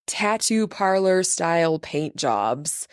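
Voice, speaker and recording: A woman's voice: lowish voice, slow pace, smooth, dry recording, clean studio sound. Laughing woman telling a story. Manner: animated, laughs often through her story. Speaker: podcast host. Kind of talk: casual storytelling chat.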